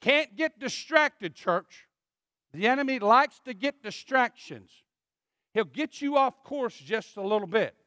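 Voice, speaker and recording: High, lively male pastor preaching. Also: a little slow, no room sound, clean studio sound. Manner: emphatic, swinging from loud to hushed. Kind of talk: sermon. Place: church.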